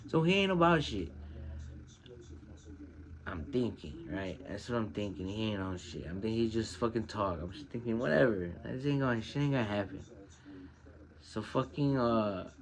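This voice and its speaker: A man's voice: moderate pace, long pauses. Profane streetwise man telling stories. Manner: heavily profane, streetwise slang; animated, pitches up when quoting people. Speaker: podcast host. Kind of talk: casual personal storytelling.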